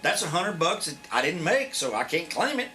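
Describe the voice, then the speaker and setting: Brief: foul-mouthed man, fifties, drawl, high and lively delivery, faint hiss. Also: normal speed. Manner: blunt, profane, animated storyteller. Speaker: interview guest, former wrestler. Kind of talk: profane shoot interview storytelling. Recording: faint background noise.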